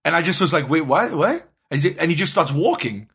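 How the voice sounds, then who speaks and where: A man co-hosting a podcast, telling a long story in a casual, animated way and acting out the dialogue. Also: a little high, fast, gravelly, husky. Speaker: podcast co-host.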